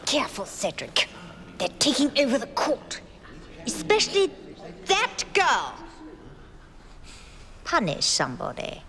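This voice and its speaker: A woman's voice: sits high, huge pitch swings, a little slow, pauses often, bright, forceful tone, long reverb tail, heavily acted. An actress playing an imperious, bloodthirsty queen who barks orders in a bossy, commanding way. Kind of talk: film acting.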